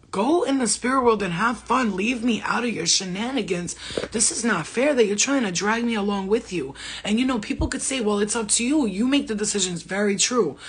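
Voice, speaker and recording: A woman's voice: medium pitch, breathy edge. A middle-aged woman talking casually as a spiritual medium, laughing often, swearing and speaking animatedly. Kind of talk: casual livestream talk.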